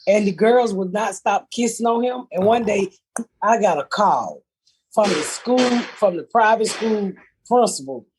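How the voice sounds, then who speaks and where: A woman's voice: mid-range voice, unhurried, background noise. A middle-aged woman hosting a podcast, telling stories in a blunt, profane, comedic way and laughing through them. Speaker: podcast host. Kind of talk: casual comedic storytelling.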